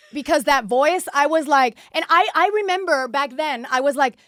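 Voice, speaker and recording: A woman in her forties from Puerto Rico, a podcast guest telling a story with lively acted-out dialogue. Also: sits high, moderate pace, dry recording, clean studio sound. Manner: acts out quoted dialogue, lively and chatty. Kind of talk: animated storytelling. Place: podcast studio.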